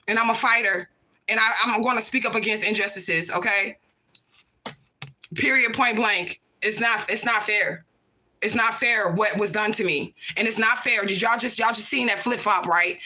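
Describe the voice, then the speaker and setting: Her voice is sharp and mid-range as she speaks to livestream viewers. The woman hosting is in the middle of a profane, confrontational, heated rant, going over her points repeatedly.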